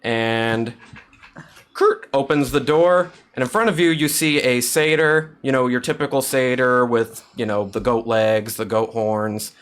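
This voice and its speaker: Casual game master, male, mid-pitched, halting delivery full of fillers. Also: fairly bright tone, clean tone. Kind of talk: narrating a tabletop game.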